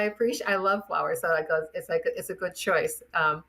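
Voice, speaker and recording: An older woman with a lowish voice tells stories from her years as a chiropractor. She is animated and laughs easily, and she slips into the voices of the people she is describing. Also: brisk, few pauses. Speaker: guest chiropractor. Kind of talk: anecdotal storytelling.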